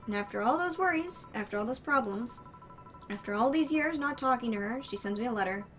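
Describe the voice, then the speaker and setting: A woman's voice: a little high, animated, brisk, fairly bright tone. A woman voicing a nervous, blunt young female bartender as she reads visual novel dialogue aloud. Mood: exasperated.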